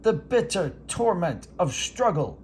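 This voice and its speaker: A man's voice: high-pitched, big pitch swings, slight background noise, pitched above the performer's own voice. A man putting on a grandiose old-school sportscaster. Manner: bombastic, drawn-out ringside play-by-play. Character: grandiose veteran male sportscaster calling a bout. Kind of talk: mock sports commentary.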